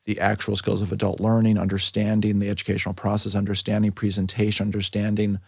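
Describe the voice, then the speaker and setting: A middle-aged man, a medical school dean and liver doctor, speaking thoughtfully in a casual interview with many pauses and restarts. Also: lowish voice, completely flat delivery, creaky, darkish tone, breathy edge, no echo, clean studio sound. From New York City.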